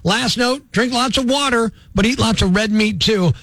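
A man hosting a morning radio call-in show, talking quickly and joking, sometimes working himself up into a rant. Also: high voice, a bit bright, no room sound. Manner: quick, jokey, worked up. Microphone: studio microphone.

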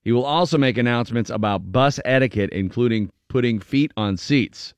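A man's voice: medium pitch, normal speed, smooth, no echo. A man hosting a casual radio show, reading entertainment headlines and joking, laughing often. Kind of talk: casual news banter.

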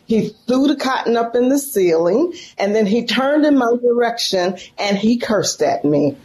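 A woman's voice: a little high, lively intonation, moderate pace, darkish tone, slight background noise. A middle-aged woman from San Francisco, a professor telling an emotional story as a guest in an interview. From San Francisco, California.

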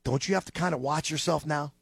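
A man's voice: fairly high pitch, fast talker, vocal fry, slightly rough, dry recording, studio quality. A man co-hosting a sports radio show, needling with wry rhetorical questions. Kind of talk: casual sports talk radio banter.

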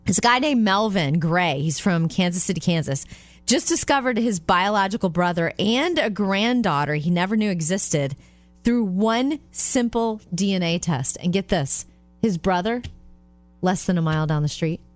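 A woman co-hosting a talk show, telling stories in a lively way and laughing often. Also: medium pitch, normal speed, no room sound, faint music behind. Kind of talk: casual chat.

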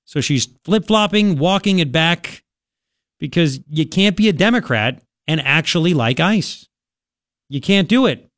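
A man hosting a political talk radio show, rambling and sarcastic in an animated way. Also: a little high, measured pace, dry recording, clean studio sound.

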